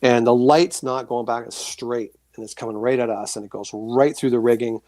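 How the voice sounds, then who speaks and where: A man telling his own experiences as a guest in a casual interview, animated and acting out voices and sounds. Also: medium pitch, moderate pace, no room sound. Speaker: guest, author and paranormal experiencer.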